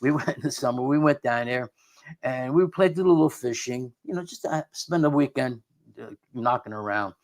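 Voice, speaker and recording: Here a middle-aged guest, a paranormal investigator, recounts a tale in a mid-range voice at a moderate pace. The delivery is loose and conversational, full of repeated words and false starts.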